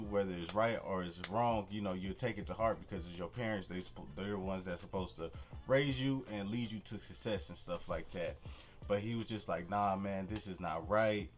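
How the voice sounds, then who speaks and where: A young man casually telling a personal story to camera, full of slang and "you feel me" asides, with faint music behind. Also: lowish voice. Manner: relaxed street slang, frequent "you feel me". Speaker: vlogger.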